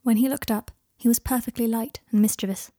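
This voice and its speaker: A woman reading fan fiction aloud in a calm, even narrating voice. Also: a little high, brisk, no echo, studio quality. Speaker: reader.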